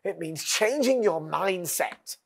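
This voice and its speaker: A man preaching a sermon as pastor, earnest, leading call-and-response lines and dropping to a hush. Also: high voice, animated, slow, creaky.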